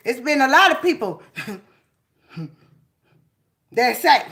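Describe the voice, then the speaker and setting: A woman giving a spiritual reading in a casual vlog, talking slowly and laughing often. Her fairly high voice rises and falls a lot, with a drawn-out, preachy delivery. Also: animated, fairly bright tone. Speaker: spiritual reader.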